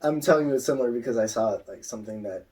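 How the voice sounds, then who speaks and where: Relaxed man podcast co-host, off-mic. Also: mid-range voice, racing, recorded from a distance. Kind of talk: casual chat.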